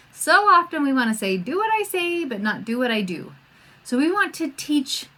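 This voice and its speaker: A middle-aged woman hosting a homeschooling podcast, talking in a chatty, animated way and acting out the voices she quotes. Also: on the high side. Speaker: podcast host and homeschool coach. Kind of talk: casual podcast talk.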